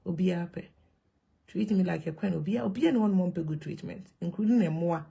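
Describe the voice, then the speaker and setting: Gravelly Ghanaian woman vlogging. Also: on the low side, a little fast, dull audio. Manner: mixes Twi and English, animated and emphatic. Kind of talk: casual monologue to camera.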